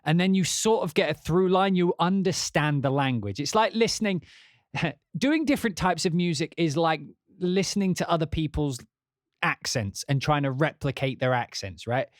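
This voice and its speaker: An English composer talks loosely on a livestream, tripping over restarts and dropping swear words as he goes. His voice sits a little high for a man, and the sound is dry and close. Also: animated, normal speed, no echo. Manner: rambling and profane, with many restarts. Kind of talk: casual livestream chat.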